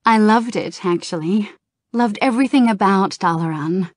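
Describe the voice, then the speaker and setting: A woman's voice: medium pitch, normal speed, dry recording, clean studio sound, voice pushed up, natural voice. A woman reading as a wistful young woman mage. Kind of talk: audiobook reading.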